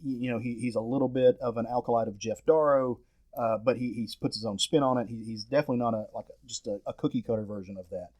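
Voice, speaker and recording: A man's voice: medium pitch, fairly even intonation, fast, darkish tone. A man hosting a casual podcast chat about comics, enthusiastic and prone to restarts. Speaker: podcast host leading the discussion.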